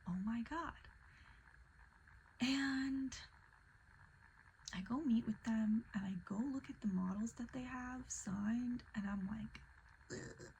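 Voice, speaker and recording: A young woman telling a personal story in casual vlog style, animated and full of fillers, often dropping into breathy whispers. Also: fairly high pitch, slow, long pauses, slight background noise, low-quality recording. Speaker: vlogger.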